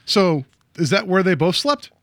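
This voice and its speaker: A man casually recapping a movie plot on a podcast, rambling with lots of fillers and quick laughs. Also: high-pitched, expressive, creaky, a bit bright, dry recording, studio quality. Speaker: podcast co-host.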